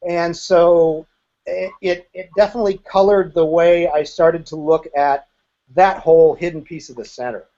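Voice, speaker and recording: A man's voice: fairly high pitch, fairly even intonation, normal speed, warm tone, highs cut off. A man in his fifties, a guest in an interview, telling his story in a frank and occasionally profane way. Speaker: interview guest, former group member.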